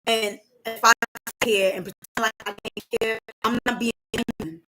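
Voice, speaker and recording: A woman's voice: on the high side, fairly even intonation, moderate pace, over music, rough recording. A woman hosting a casual live stream, talking emotionally and candidly and swearing freely.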